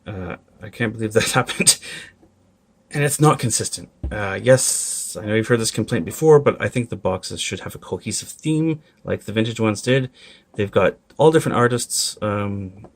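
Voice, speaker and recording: A man's voice: fairly low pitch, lively intonation, moderate pace, creaky. A man reviewing collectible toys in a casual vlog, candid and complaining with frequent apologetic asides.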